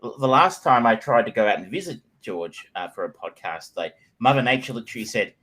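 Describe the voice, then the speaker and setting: A man's voice: mid-range voice, expressive, brisk, a bit bright, breathy edge, rough recording. A middle-aged Australian man co-hosting a podcast in casual chat, rambling with lots of fillers and restarts. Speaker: podcast co-host.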